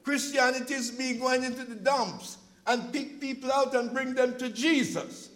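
Man with a very high voice, preacher, impassioned sermon, shouts at peaks. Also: steady tone, moderate pace, poor audio. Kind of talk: sermon with storytelling. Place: church.

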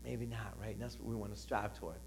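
A male pastor preaching a sermon, calling on the congregation to respond and swinging between loud emphatic lines and soft, low asides. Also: fairly even intonation, fast talker, vocal fry, slight background noise.

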